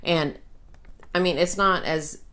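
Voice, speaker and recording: A woman's voice: on the low side, fairly even intonation, slow, fairly bright tone. A woman who is an acting student talks through her reasoning about a script in a thoughtful, casual way. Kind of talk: casual discussion.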